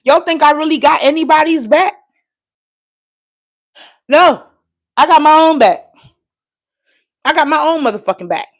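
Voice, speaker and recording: A woman's voice: high voice, measured pace, pauses often. A woman from Trinidad, fighting back tears, ranting on a livestream in a profane, impassioned, insistent way. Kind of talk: emotional live-stream rant.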